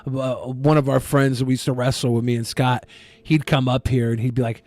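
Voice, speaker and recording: A man co-hosting a podcast in casual chat, blunt and quick to swear, often repeating words as he starts a thought. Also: mid-range voice, little pitch movement, a little mellow, no echo. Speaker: podcast co-host.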